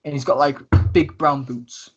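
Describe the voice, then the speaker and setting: A man narrating a tabletop game as game master, describing scenes with many pauses and fillers. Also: medium pitch, steady tone, highs cut off, noisy background.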